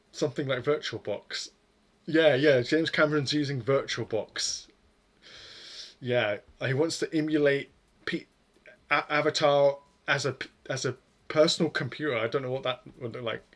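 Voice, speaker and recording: Brief: male streamer, mid-pitched, rambly and sweary, self-mocking while coding. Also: moderate pace.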